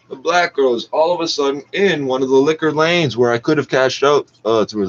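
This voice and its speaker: Over an internet radio feed, a man with a medium-pitched, fairly bright voice launches into an angry, profane rant, now and then imitating other people. The lo-fi mic sounds dull and carries faint noise.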